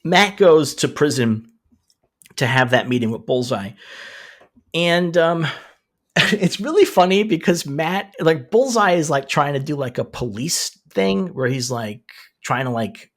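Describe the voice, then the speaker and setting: A man co-hosting a casual show chat, animated and laughing often as he recaps scenes. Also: on the high side, a little slow. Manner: animated, laughing, quoting characters in asides. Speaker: podcast co-host.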